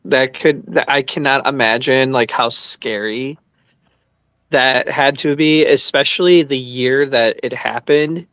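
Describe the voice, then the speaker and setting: Slow-talking man host, dry sound. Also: medium pitch, fairly bright tone, clean tone, dry recording. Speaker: podcast host. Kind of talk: casual conversation.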